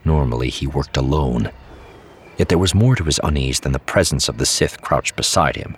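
A man narrating an audiobook in a measured, even storytelling manner. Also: a bass voice, a little hiss or hum.

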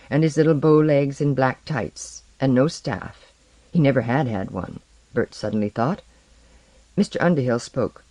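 A man narrating a fantasy story aloud in an expressive, lively storytelling manner. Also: mid-range voice, dry recording. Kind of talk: audiobook reading of a fantasy story.

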